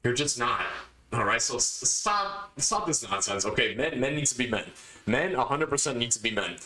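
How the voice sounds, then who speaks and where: A man's voice: mid-range voice, lively intonation, normal speed, bright, forceful tone, roomy sound, rough recording. Emphatic man lecturing on a podcast. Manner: emphatic, lectures the listener directly, repeats points. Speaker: podcast host. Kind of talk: opinionated podcast monologue.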